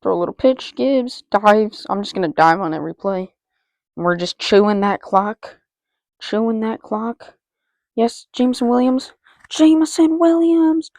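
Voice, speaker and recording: A gaming channel host, an excitable woman, provides live commentary on her own football video game, chanting player names and talking to herself between plays. Her mid-range voice has a gravelly fry and moves at a moderate pace. The recording is close and dry, with no room sound.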